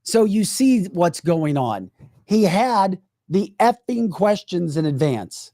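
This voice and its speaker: A man co-hosting a political podcast, talking in a sarcastic, animated way. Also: sits high, slow, no echo, studio quality. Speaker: podcast co-host. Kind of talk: casual political chat.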